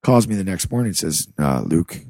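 Low-voiced and brisk, a podcast guest from America's Rust Belt animatedly relates a personal story, cursing freely and performing the conversations himself. The sound is dry, clean studio audio.

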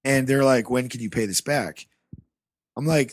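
A man from the American Rust Belt guests on a podcast and tells a personal story casually and with energy, swearing freely and playing out the dialogue. His pitch is medium and his speed normal, on a dry, studio-quality recording.

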